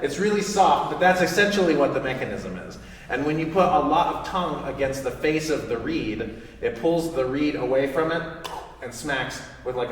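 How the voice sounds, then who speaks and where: Male teacher in an echoey hall. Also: mid-range voice. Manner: encouraging, asks the student questions; sings articulation syllables to demonstrate. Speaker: saxophone teacher. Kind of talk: live master class teaching. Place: recital hall with audience. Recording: distant, echoey hall recording, faint noise.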